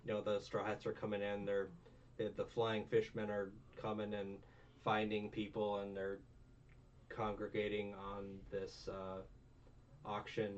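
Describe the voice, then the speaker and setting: A man hosting an anime review, recapping the plot in a rambling, profane, animated way. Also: on the low side, a little slow. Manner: rambling, profane, animated with put-on character voices. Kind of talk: casual recap chat. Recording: distant lo-fi mic with faint room noise.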